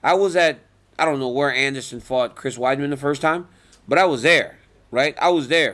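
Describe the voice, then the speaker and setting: A man's voice: medium pitch, normal speed. A man in his forties, an MMA fighter, answering reporters in a casual media interview, telling stories with lots of laughter. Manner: animated storytelling, laughs often.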